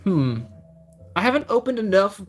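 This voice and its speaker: A young man with a slightly high voice chats casually through a live stream, reading out the cards he pulls one by one and replying to viewers. Faint music plays quietly underneath. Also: very animated, normal speed. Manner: chatty, reads out card names, answers chat. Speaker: streamer opening trading card packs.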